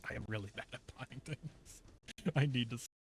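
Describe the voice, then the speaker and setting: Man, gameplay commentary, chatty, swears, jokes, mid-pitched voice. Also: moderate pace, slightly rough. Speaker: gamer in recorded video.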